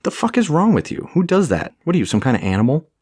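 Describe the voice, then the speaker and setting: A man's voice: lowish voice, expressive, normal speed, a little mellow, no room sound, clean studio sound. A man voicing a brash, childish grown man in an audiobook, crude and boastful. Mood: outraged. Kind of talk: audiobook character voice.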